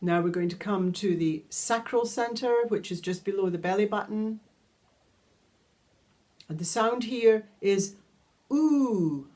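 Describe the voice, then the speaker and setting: Woman guiding a toning practice, calm and steady, sings long vowels now and then. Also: mid-range voice, a little slow, pauses often. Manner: calm, instructive, demonstrates sustained vowel tones. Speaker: sound healing teacher. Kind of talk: guided vocal toning lesson.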